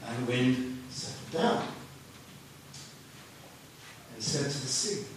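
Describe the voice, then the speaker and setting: A man's voice: medium pitch, lively intonation, slow, background noise. A man preaching a sermon in a conversational storytelling manner. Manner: conversational, storytelling, half-sings lyrics. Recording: echoey room from far off.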